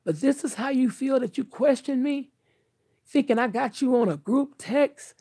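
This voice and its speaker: A woman's voice: high voice, moderate pace, warm tone, dry recording. An older woman talking candidly to her viewers in an earnest, emphatic, outspoken way. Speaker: vlogger.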